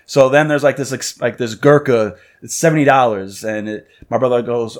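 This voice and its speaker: A man hosting a podcast, telling quick casual anecdotes and acting out what people said. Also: medium pitch. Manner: fast anecdotes with acted-out quotes.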